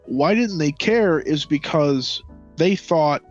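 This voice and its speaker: A podcast co-host talks through history in a casual, profane, sarcastic way, putting on mocking quoted voices for different nations. His voice is fairly high, with lively intonation and a slow pace. The recording sounds dull and lo-fi, with faint music behind him.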